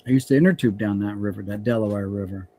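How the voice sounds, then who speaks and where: A man's voice: on the low side, fast, warm tone, dry recording. A man hosting a casual stream chat, telling rambling stories with many restarts.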